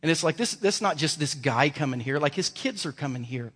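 High-pitched animated male preacher. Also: a little fast, breathy edge. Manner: animated, storytelling, emphatic. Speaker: pastor. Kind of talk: sermon. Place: church sanctuary. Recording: reverberant church hall.

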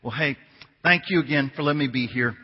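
Husky guy preaching in a church, long echo, kinda dull sound, jokes around with the crowd. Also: mid-range voice, fast. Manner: animated storytelling, jokes with the congregation. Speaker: guest preacher. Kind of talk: sermon with humorous story. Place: church sanctuary.

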